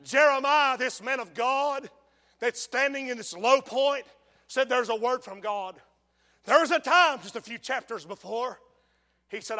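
Preacher, male, very high forceful voice, fiery sermon from hushed to shouted, long church reverb. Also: measured pace. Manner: emphatic, swings from hushed pleading to shouting. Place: large church sanctuary.

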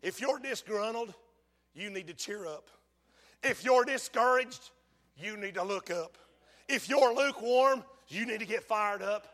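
A man preaching a fiery sermon in a large church, swinging from hushed pleading to shouting. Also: high voice, unhurried. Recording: long church hall reverb.

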